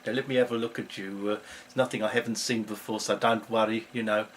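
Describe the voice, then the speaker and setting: A man's voice: fairly low pitch, steady tone, fast, slight background noise, lightly acted, poor audio. A man voicing a genial retired South African gynaecologist with a South African accent, chatty and cheeky.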